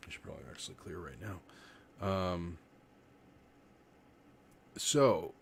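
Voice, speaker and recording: A man leading a live-streamed breathing lesson, talking in a relaxed, rambling way and demonstrating as he goes. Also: sits low, slow pace, vocal fry, long pauses, husky. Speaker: livestream meditation teacher. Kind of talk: casual live-stream instruction.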